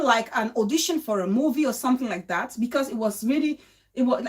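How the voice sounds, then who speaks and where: A woman's voice: high voice, animated, a little fast. A woman hosting, reacting in casual commentary to a played clip, often breaking into laughter. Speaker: host.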